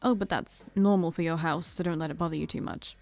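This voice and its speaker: A woman voicing a smug, theatrical male vampire who talks slow and knowing, like a preacher, while reading a visual novel aloud. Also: fairly low pitch, steady tone, darkish tone, faint music behind, natural voice.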